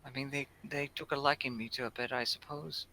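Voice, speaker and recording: Male player doing a timid young wizard: quiet, hesitant, bright-toned. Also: mid-range voice, fairly even intonation, brisk, pitched above the performer's own voice, rough recording.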